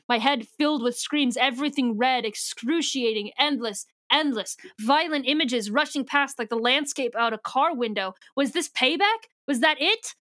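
Co-host, female, slightly high and resonant voice, dry close sound, walks listeners through the plot and reads passages aloud. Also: fairly bright tone, no echo. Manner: retells the plot at length, reading passages aloud; rambling, with many fillers and restarts. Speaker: podcast co-host. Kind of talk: casual book discussion.

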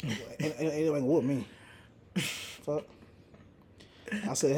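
A young man hosting a casual podcast, telling a story in a profane, animated way with lots of restarts. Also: fairly high pitch, unhurried, pauses often, slightly rough. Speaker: podcast host. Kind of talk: casual chat.

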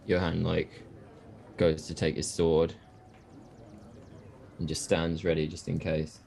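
A man playing his character in an improvised tabletop game, speaking in measured, solemn tones. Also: low voice, monotone, gravelly, darkish tone. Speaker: player. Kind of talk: improvised tabletop role-play.

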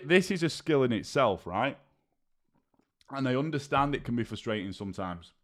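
Podcast host, man, mid pitch, blunt and sweary, casual coaching monologue.

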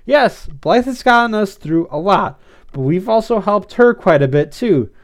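A calm, firm friend, as a man puts her on for a read-aloud story. The voice is lifted above his own and moves in a lively lilt. She speaks in steady, reassuring phrases. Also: high voice, a little slow, voice pushed up.

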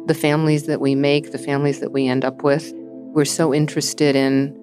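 A woman hosting a podcast, talking in a thoughtful, measured way and narrating between interview segments. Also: low voice, level tone, over music. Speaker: podcast host. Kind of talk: reflective podcast conversation and narration.

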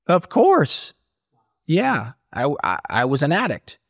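A man's voice: a little high, huge pitch swings, slow pace, no echo, clean studio sound. A middle-aged man telling his story as an interview guest, acting out quoted voices as he talks.

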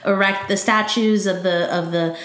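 A woman in casual chat, eagerly retelling a TV episode and acting out the characters in quick quotes. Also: mid-range voice. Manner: animated, acts out characters with quick "he's like" quotes. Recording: roomy echo.

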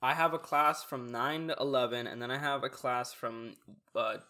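A man's voice: mid-range voice, moderate pace. A young man and college student hosting a casual chat, asking easy questions and laying out his thoughts. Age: young adult. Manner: relaxed, prompting questions, lays out his thoughts.

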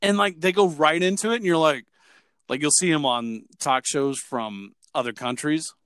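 A man's voice: a little high, normal speed, no echo, studio quality. A man co-hosting a podcast in casual, joking chat, laughing often. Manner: animated, laughs often, tries out accent impressions. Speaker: podcast co-host.

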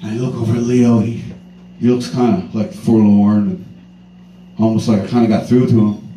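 A man's voice: lowish voice, level tone, fairly quick, mellow, a little hiss or hum. A man in his twenties doing a stand-up comedy set, telling a rambling, profane story. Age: 20s. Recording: roomy, distant mic, faint ambience.

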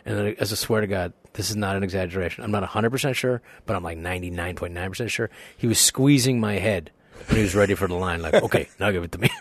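A man's voice: deep voice, fast, hardly any pauses, no echo. A male guest actor telling a story casually on a podcast, acting out other people's lines. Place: podcast studio.

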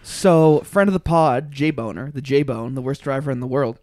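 A young man co-hosting a casual podcast, telling a story animatedly with loud bursts and laughter. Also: mid-range voice, moderate pace, no echo, clean studio sound. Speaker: podcast co-host.

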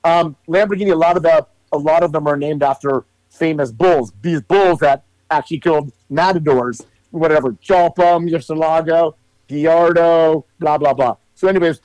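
A man's voice: fairly high pitch, moderate pace, a little mellow, no room sound, muffled recording. Chatty man explaining, dry close sound. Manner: rambling, explains at length with many fillers and swearing. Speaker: podcast co-host. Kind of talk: casual chat.

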